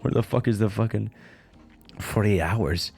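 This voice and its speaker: A man's voice: fairly low pitch, unhurried, gravelly, a little mellow. A man casually commentating on a live stream, swearing and joking, mumbling asides to himself.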